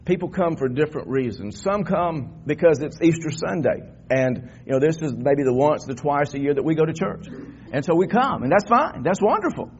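An older pastor preaches an Easter sermon in a church sanctuary, speaking conversationally before climbing into fervent emphasis. His voice is fairly high and animated at a moderate pace, captured on a dull lo-fi church recording with slight background noise.

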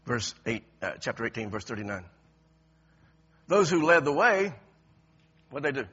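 A man preaching a sermon, moving from quiet, intense passages to loud shouted ones, often laughing as he talks. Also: mid-range voice, sing-song, moderate pace, breathy edge. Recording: lo-fi, dull sound.

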